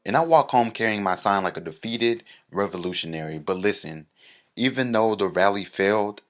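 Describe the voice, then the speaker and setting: A man telling a comic story, animated and bursting into mock-rally shouting. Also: lowish voice, moderate pace. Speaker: comedian.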